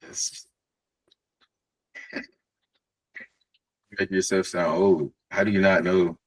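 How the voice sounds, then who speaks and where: A casual, eager man asks a coach follow-up questions and laughs easily as he goes. His voice sits very low and carries a husky, breathy edge. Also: level tone, slow pace, low-quality recording. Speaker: community member asking questions. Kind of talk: casual Q&A chat.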